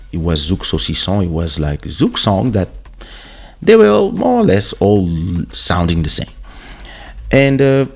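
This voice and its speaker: A man hosting his own show, telling a casual story about his music career. He talks in a relaxed way and often repeats words as he goes. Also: low-pitched, creaky. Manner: relaxed anecdotal, stammering repeats. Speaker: host and musician. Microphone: studio podcast microphone.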